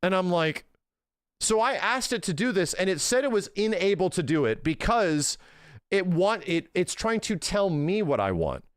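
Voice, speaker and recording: A man's voice: high voice, sing-song, normal speed, smooth, no room sound, studio quality. A man in his thirties chatting casually to his stream viewers, ranting in an exasperated way and swearing often.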